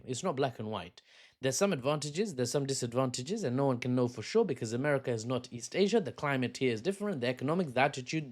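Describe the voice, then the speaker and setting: A man giving a casual, rambling news commentary, cracking jokes and laughing at his own asides. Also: mid-range voice.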